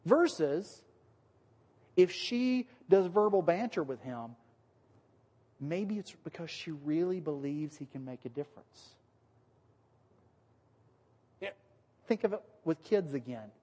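A man preaching a sermon in a relaxed, conversational way, acting out the voices he quotes. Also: fairly high pitch, unhurried, slightly rough, in a large hall. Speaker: pastor.

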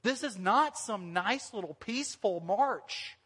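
A man preaching a sermon as pastor, animated and lively, sometimes breaking into loud sung lines. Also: high voice, takes it slowly, breathy edge. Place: church hall. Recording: long hall reverb.

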